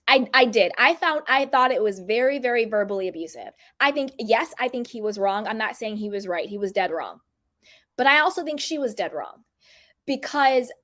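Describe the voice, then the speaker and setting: Woman, reality TV commentator, chatty and opinionated, a touch high-pitched. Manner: chatty, opinionated, acts out quotes in put-on voices.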